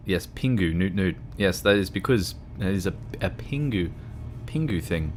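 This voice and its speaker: A man's voice: sits low, a little hiss or hum. A young man chatting with his livestream viewers while playing a game, rambling and often restarting his sentences. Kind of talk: casual chat with livestream viewers while gaming.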